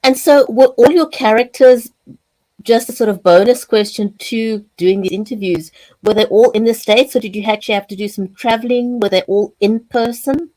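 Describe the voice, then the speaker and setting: A woman interviewer who asks casual follow-up questions in quick succession. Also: fairly high pitch, mellow, poor audio.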